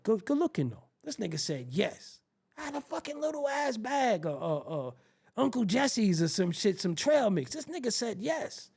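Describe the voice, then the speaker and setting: A man hosting his show, telling a comedic, profane story in an animated way and acting out the quoted voices. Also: extremely high pitch, vocal fry, slightly rough. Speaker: show host.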